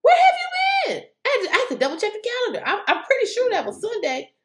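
A woman delivers political commentary with a lively, swooping voice. She sounds incredulous and raises her voice now and then. The room around her is echoey. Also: very high voice, rapid-fire. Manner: animated, incredulous, exclaims loudly at times. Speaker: commentary vlogger.

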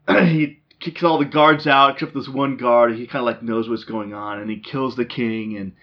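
A man hosting a casual movie chat, rambling with lots of ums and restarts. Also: medium pitch. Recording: dull lo-fi sound.

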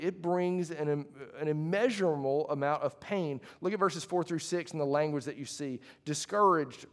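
A man preaching a sermon to a congregation, talking in a conversational way with restarts and asides. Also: fairly high pitch. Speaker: pastor. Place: church hall before a congregation.

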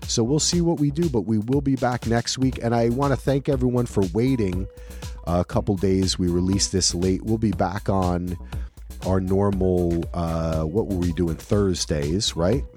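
A man's voice: low-pitched, unhurried, darkish tone, faint music behind. A man from New Jersey hosting a podcast, joking and thanking his guest in casual chat. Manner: playful, joking sign-off banter. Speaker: podcast host.

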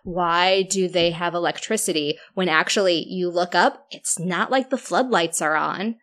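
A woman running a tabletop horror game as game master, narrating scenes and rules with halting restarts. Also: fairly low pitch, a bit bright. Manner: hesitant, restarting phrases, explanatory.

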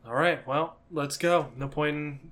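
A man's voice: fairly high pitch, measured pace, a bit bright. A man playing a tabletop game, chatting casually with easygoing asides. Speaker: player.

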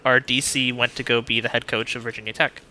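A man's voice: medium pitch, level tone, fast, pushed and bright, slight background noise. A man talking casually on a sports podcast, loose and upbeat, laughing easily.

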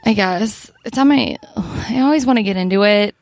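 A woman's voice: mid-range voice, moderate pace, darkish tone, no echo. Giggly Midwestern woman co-hosting a podcast. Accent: Midwestern American. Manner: laughs often, self-mocking. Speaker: podcast co-host. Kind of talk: casual chat.

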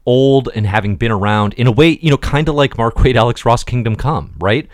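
A man's voice: mid-range voice, a little fast, no echo, clean studio sound. A man co-hosting a podcast, thinking aloud in easygoing casual chat. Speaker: podcast co-host.

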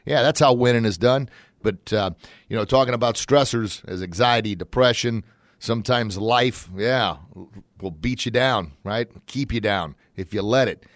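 Energetic folksy man hosting a motivational show. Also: mid-range voice, moderate pace, no echo, clean studio sound. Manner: energetic, folksy, bursts into excited shouts when acting out examples. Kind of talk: upbeat motivational monologue.

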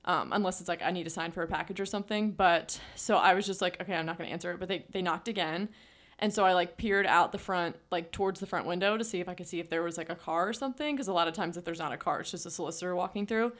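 A young woman co-hosting a podcast tells a story in casual chat, her lowish, fairly bright voice moving at a quick pace. Her storytelling is chatty and sprinkled with lots of "like."

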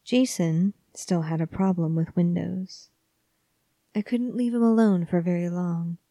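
A woman narrating a horror story in a soft, hushed, often whispery voice, measured and calm. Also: lowish voice, no room sound.

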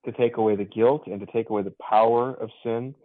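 A man's voice: medium pitch, steady tone, fast talker, dry recording. A man, a pastor, speaking as a guest on a radio show in an encouraging, preacherly way. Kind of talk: casual radio conversation. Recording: tinny phone line.

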